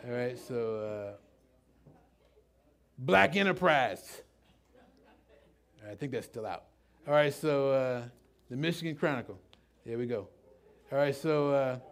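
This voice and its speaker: A middle-aged man preaching a sermon in a conversational, halting way, full of restarts and asides. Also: mid-range voice. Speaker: pastor.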